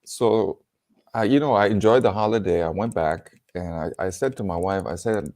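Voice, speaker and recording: Man, German accent, lowish voice, animated storyteller, laughs a lot, video call. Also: fairly quick. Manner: animated, laughs often, acts out quotes. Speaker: comedian and storyteller. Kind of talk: casual storytelling chat.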